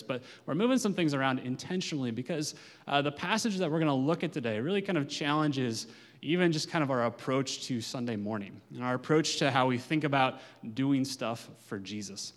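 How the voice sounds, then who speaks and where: A man preaching as a pastor, talking in a relaxed, conversational way with many "uh" fillers, then reading scripture and praying. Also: medium pitch, brisk. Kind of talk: sermon with scripture reading and prayer. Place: church sanctuary. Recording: long hall reverb.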